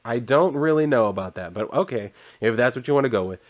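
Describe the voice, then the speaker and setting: A chatty man recapping a comic book issue in a sarcastic, casual way, with mid-range pitch. He drops the odd swear and keeps wandering off on tangents. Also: animated, fast talker, dull audio.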